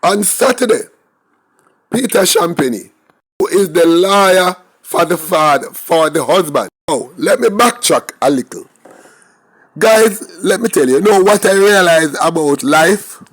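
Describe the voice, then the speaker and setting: Man, Jamaican accent, commentator, emphatic, rhetorical, raised pitch. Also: animated, a little slow, fairly bright tone. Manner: emphatic, rhetorical questions, talks to viewers directly. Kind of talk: opinionated crime commentary.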